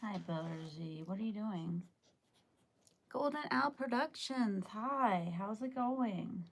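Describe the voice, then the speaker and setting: A woman's voice: mid-range voice, expressive, slow, vocal fry. A woman hosting a casual livestream from home, chatty and greeting viewers by name, tired after just waking up. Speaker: livestream host. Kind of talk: casual live chat with viewers.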